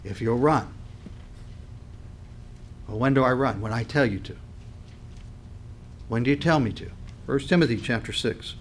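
A male pastor delivering a sermon at a medium pitch. He builds to loud, emphatic peaks and falls back to quiet, conversational asides. He clears his throat from time to time. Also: normal speed, pauses often, slight background noise. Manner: dynamic preaching, voice swells and drops with emphasis.

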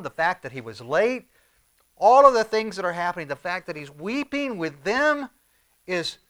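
Man, preacher, sermon, fairly high voice, animated, loud-then-soft delivery. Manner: animated, swings between loud emphatic lines and soft low asides.

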